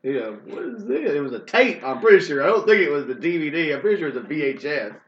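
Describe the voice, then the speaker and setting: A man co-hosting a podcast, chatting in a relaxed way and laughing often. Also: fairly high pitch, fast talker, slight background noise. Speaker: podcast co-host. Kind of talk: casual chat. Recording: distant, echoey lo-fi mic.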